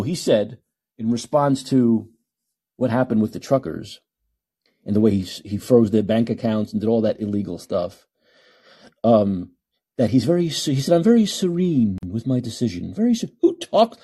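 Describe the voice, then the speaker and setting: A man's voice: mid-range voice, very animated, moderate pace, warm tone, breathy edge. A middle-aged man hosting a solo podcast, ranting in a combative, sarcastic way. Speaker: podcast host. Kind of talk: solo call-in podcast commentary.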